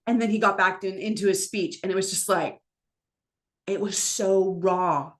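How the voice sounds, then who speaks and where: A woman's voice: mid-range voice, normal speed. A woman coaching public speakers in a live online session, talking emphatically and encouragingly. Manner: energetic, acts out quoted lines in different voices.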